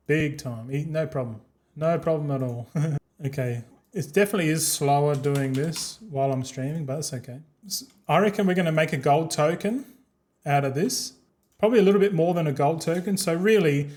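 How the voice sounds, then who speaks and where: An Australian man in his thirties chatting casually while streaming a game, rambling and swearing freely with frequent laughs. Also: a little high.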